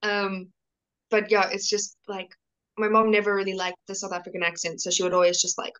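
A woman's voice: mid-range voice, level tone, fairly quick, a bit bright, smooth, poor audio. A young woman, an interview guest, talking casually on a video call with many restarts and fillers.

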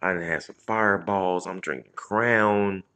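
A man with a very deep voice hosts a live stream and tells a rambling street story. He curses freely, restarts his sentences and breaks off to greet viewers by name. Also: steady tone, unhurried, clean tone. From Indianapolis, Indiana. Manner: loose, profane street storytelling with many restarts and shout-outs. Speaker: comedian livestream host.

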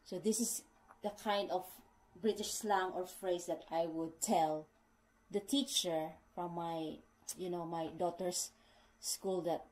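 A middle-aged woman whose English carries non-native phrasing talks through slang for her viewers in a relaxed, slow way. Her voice sits a little low and sounds mellow, and she often repeats a point before moving on. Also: low-quality recording. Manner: unhurried, repeats explanations, addresses viewers as guys. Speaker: vlogger teaching British slang. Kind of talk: casual spoken explainer.

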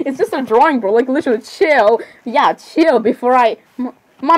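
Excitable woman, lively high voice. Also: moderate pace, slight background noise, poor audio. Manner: excitable, giggly, full of exclamations. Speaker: video creator reacting to drawings. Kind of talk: casual reaction commentary.

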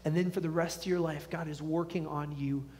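A male pastor preaching a sermon, swinging from loud fervent urging to hushed earnest pleading. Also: a little high, steady tone, a little fast. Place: church sanctuary. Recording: long hall reverb.

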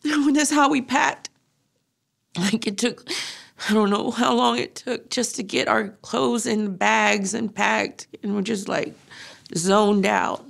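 A middle-aged woman speaking haltingly as she recounts her loss in a personal testimony, often pausing and using fillers. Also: fairly high pitch, gravelly. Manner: halting, grief-stricken, frequent fillers. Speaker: grieving mother interviewee.

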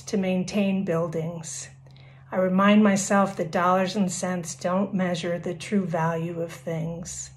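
Woman talking about giving to her church, sincere, a bit low voice. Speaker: church member. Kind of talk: personal giving testimony.

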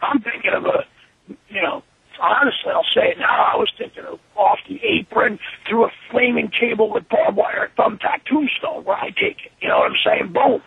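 Man, interview guest, raspy gravelly voice, thin phone-like sound. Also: sits high, normal speed, no echo. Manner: animated, profane, acts out his own quotes. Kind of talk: shoot interview storytelling.

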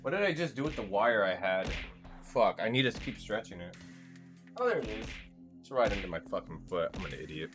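A young man streaming a game in casual chat, swearing often, reading chat aloud and yelling at teammates while sore from a hurt leg. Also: lowish voice, animated, fairly quick, faint music behind. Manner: profane, chatty, reads chat aloud and shouts at teammates.

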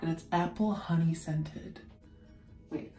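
A man's voice: fairly high pitch, fairly even intonation, slow pace, mellow, reverberant, soft background music. A young man chatting casually in a vlog, giggly and prone to yelps, recorded in a home bathroom. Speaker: vlogger.

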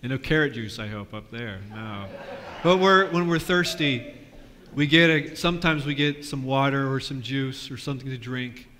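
A man leading a lively children's sermon, asking the kids questions in a church with a balcony. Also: medium pitch, normal speed. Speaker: pastor. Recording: long reverb of a church.

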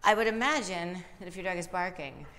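A woman dog trainer with a fairly low voice answers viewers' questions in a live advice chat. She explains in a lively way and often slips into little acted-out voices for dogs and owners. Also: brisk.

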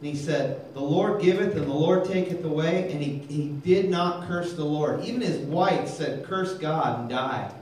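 A man preaching a lively sermon, calling for amens and telling jokes, recorded in a church hall. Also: a little high, normal speed, few pauses, a little hiss or hum. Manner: energetic, calls for amens, tells jokes. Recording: very echoey hall, mic far off.

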